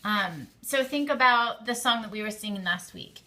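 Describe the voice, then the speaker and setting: Female teacher, bright and clear tone, patient lecture delivery with casual fillers. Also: fairly high pitch, moderate pace. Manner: patient, explains step by step with fillers. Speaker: Hebrew teacher. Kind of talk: classroom grammar lecture.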